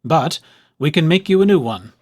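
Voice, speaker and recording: A man voicing a small, brave male mouse dentist in a storybook reading, giving brisk, firm instructions. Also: fairly high pitch, lively intonation, darkish tone.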